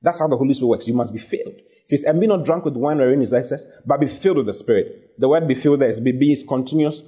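A man's voice: mid-range voice, fast, hardly any pauses, dark tone, husky. A male preacher delivering a sermon, emphatic and repetitive, reading scripture aloud and urging his listeners on. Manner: emphatic, repeats phrases, reads scripture aloud.

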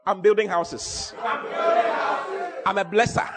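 A man's voice: high-pitched, fairly even intonation, slow pace, big-room sound, over a noisy crowd, heavy background noise. A man, preaching a sermon with emphatic, repeating phrases.

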